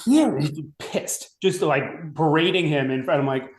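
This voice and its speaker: A man from Long Island telling school stories in casual chat, animated, swearing freely and laughing as he goes. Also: fairly high pitch, a little slow. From Long Island, New York. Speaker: podcast guest. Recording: roomy echoey room.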